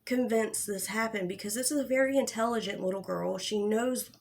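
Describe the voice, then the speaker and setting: A young woman hosts a casual livestream about online drama, speaking bluntly, swearing plenty, and restarting often. Her voice is mid-range and brisk, with a slight hiss or hum in the background.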